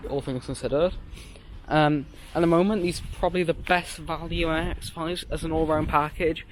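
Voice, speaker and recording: A man's voice: a little high, slight background noise. A young man hosting a casual car review vlog, talking in a rambling, chatty way with plenty of fillers.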